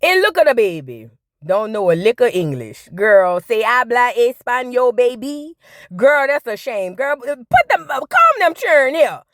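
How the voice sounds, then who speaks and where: A woman's voice: a little high, wildly swooping pitch, unhurried, fairly bright tone, no echo, clean studio sound. A woman hosting a casual reality TV recap vlog, sassy, gossipy and full of slang.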